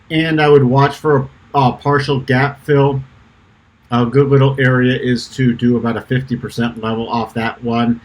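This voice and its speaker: A man's voice: medium pitch, low-quality recording. Rambling man walking through stock charts. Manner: rambling, self-correcting, uses fillers. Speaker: trading channel co-founder and host. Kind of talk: casual chart analysis walkthrough.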